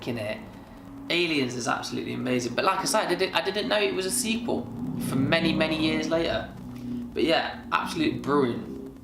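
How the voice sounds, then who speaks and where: A man's voice: medium pitch, a bit bright. A man in his thirties chatting casually and rambling with many fillers as he reminisces in a vlog. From Britain. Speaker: vlogger. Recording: echoey room.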